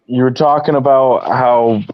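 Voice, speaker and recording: A man's voice: medium pitch, steady tone, unhurried, no echo. A man chiming in on a casual call, amused and joking along. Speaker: caller, guest. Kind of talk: casual chat over a call. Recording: dull lo-fi call with faint noise.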